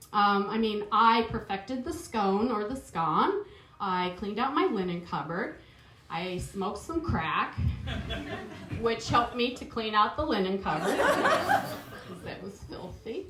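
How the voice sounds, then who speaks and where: A woman's voice: on the high side, a bit bright, slight background noise. A middle-aged woman with a New Zealand accent doing a chatty, self-mocking stand-up comedy set on stage, laughing at her own jokes. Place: stage at a live improv show. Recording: roomy live venue sound.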